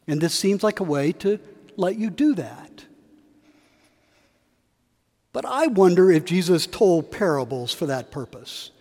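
A man with a slightly high voice gives a sermon in a large cathedral, where long echoes roll through the stone. He is animated and speaks at a measured pace with long pauses, shifting emphasis as he tells stories and briefly acting out quotes, his tone a little mellow.

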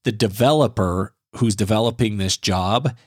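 A man co-hosting a podcast, telling work stories in a relaxed, earnest conversational way. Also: fairly low pitch, moderate pace, no room sound, clean studio sound. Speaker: podcast co-host.

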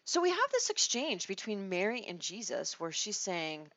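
A woman teaching a Bible study in a conversational, expressive way, restarting her phrases as she thinks. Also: medium pitch, normal speed, few pauses, no room sound. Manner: expressive, acts out quoted lines, restarts phrases. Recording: dull lo-fi dry recording.

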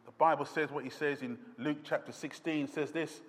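Preacher with a high voice in a hall. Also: male voice, fairly even intonation, moderate pace, a bit bright. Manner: dramatic preaching, quoting scripture with rising intensity. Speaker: pastor. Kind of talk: sermon.

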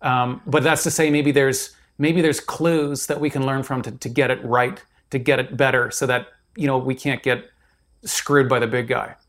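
A man's voice: medium pitch, steady tone, normal speed, a bit bright. A man who is an author, a guest in a casual interview who speaks emphatically and restarts his sentences often.

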